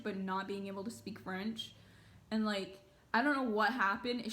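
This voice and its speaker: A woman's voice: a little high, a bit bright. A young woman casually telling a rambling story to her viewers, full of fillers and swearing. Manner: rambling, lots of filler words and swearing, bursts of laughter. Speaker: vlogger.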